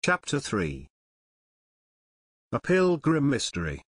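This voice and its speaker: A man narrating an unabridged youth mystery audiobook in an even reading. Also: medium pitch, moderate pace, no room sound, clean studio sound. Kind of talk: scripted narration.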